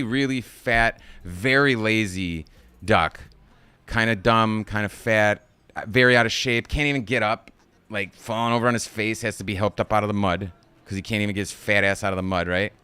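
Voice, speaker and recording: A man with a slightly low, smooth and resonant voice recaps a kids movie for his live stream audience. He rambles casually and swears freely. The sound is dry and close, with no room echo. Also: sharp tone. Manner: profane, digressive, laughs at own jokes.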